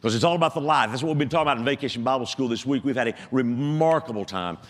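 A man's voice: mid-range voice, rapid-fire, long reverb tail. A man in his seventies, a retired pastor, preaching with self-deprecating storytelling and frequent restarts. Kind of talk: sermon with a humorous story. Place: church sanctuary.

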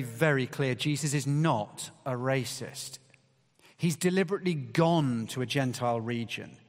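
Man preaching in a reverberant hall. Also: medium pitch. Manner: conversational, emphatic, with rising bursts of stress. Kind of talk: sermon.

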